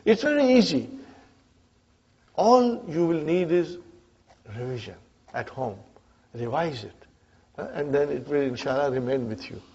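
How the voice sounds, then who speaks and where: A man's voice: on the high side, expressive, measured pace, pauses often, a little mellow, husky, highs cut off. A man teaching an Arabic grammar class to adult students, often stopping to check in with "huh?" and "brothers and sisters". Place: community centre classroom.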